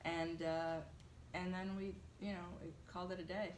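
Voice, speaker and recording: A woman being interviewed, telling an animated story with lots of fillers. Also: on the low side, normal speed, reverberant, slight background noise. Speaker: translator, interviewee. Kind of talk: conversational interview.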